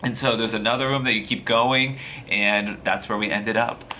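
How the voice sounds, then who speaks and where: Bright-voiced man telling a story. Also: on the low side, normal speed, slight background noise. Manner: profane, animated, slangy retelling. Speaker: vlogger. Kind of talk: casual storytelling to camera.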